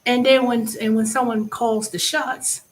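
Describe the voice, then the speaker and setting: A woman hosting her own vlog, giving a blunt, profane monologue that swings between loud bursts and low asides. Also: flat delivery, measured pace. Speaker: vlog host. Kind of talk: casual ranting monologue.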